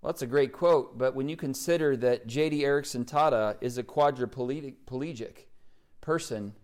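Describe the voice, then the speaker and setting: A man's voice: mid-range voice, moderate pace, darkish tone, clean tone. A man preaching a sermon, emphatic, reciting scripture in rising, building lists. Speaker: pastor.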